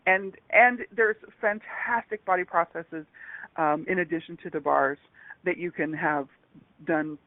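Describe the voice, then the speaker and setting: A woman who is a guest on a radio talk show, speaking in a rambling, halting way with many restarts. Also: on the low side, no room sound. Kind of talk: casual radio interview chat. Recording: dry, tinny phone-line sound.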